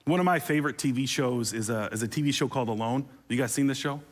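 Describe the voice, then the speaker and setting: A man's voice: medium pitch, quick pace. A man preaching a sermon as pastor, conversational and humorous, with playful asides and rising intensity on emotional appeals.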